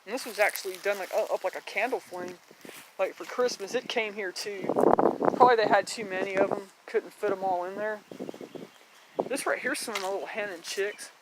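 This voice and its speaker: A woman's voice: medium pitch, brisk, heavy background noise. A woman giving a casual walking tour of her home garden, chatty and rambling, blunt, with mild swearing and frequent laughter.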